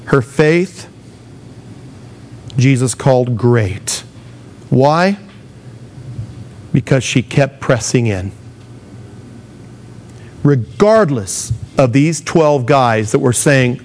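A man's voice: mid-range voice, animated, very slow, long pauses, darkish tone, slight background noise. A man delivering a sermon as a pastor, speaking with emphatic rises and acting out the words of the people he quotes.

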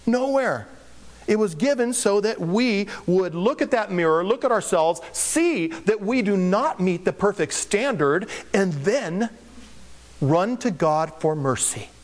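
Male pastor, fairly high voice, casual, joking delivery in a sermon. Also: expressive, unhurried. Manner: conversational, joking preaching.

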